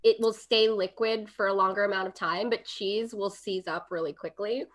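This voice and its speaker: A woman's voice: mid-range voice, fairly even intonation, moderate pace. A woman co-hosting a casual cooking livestream, chatty and explaining food science between laughs. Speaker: co-host. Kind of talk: casual chat on a cooking stream. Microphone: webcam stream setup.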